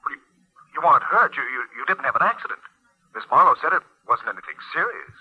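A jittery young fellow who stammers and trips over his words, rushing along with a voice that leaps up and down. The sound is husky and dull, like an old radio broadcast from the 1940s. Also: mid-range voice, very animated. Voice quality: stammering, flustered. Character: nervous stammering young man friend on phone.

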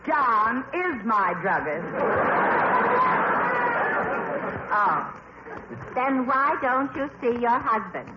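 An actress playing a weepy young wife in a radio comedy sketch about an advertising comic strip, with a sobbing, melodramatic manner in 1940s radio acting style. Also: female voice, on the high side, lively intonation, slow. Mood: gushing. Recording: old lo-fi radio recording, echoey, hissy.

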